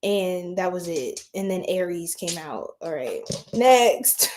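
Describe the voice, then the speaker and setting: A woman's voice: fairly low pitch, slow, a little mellow. A woman reading tarot on a late-night livestream, chatting with viewers in a giggly, scattered and tired way.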